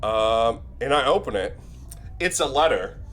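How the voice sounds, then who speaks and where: A man's voice: medium pitch, lively intonation, unhurried, a bit bright. Young male streamer, mid-range voice, casual rambling anecdote, profane and self-mocking.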